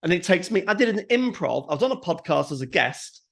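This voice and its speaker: Middle-aged guy cohosting a podcast, fairly high voice, animated chatty delivery. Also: a little fast, creaky. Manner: animated storytelling with acted quotes. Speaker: podcast co-host. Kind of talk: casual podcast chat.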